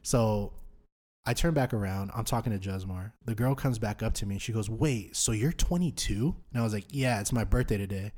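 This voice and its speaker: A young man in his twenties tells a night-out story on a podcast, in a fairly low voice. His talk is loose, slangy and full of swearing. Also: fairly quick, darkish tone. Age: 20s. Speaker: podcast host. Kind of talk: storytelling in casual chat.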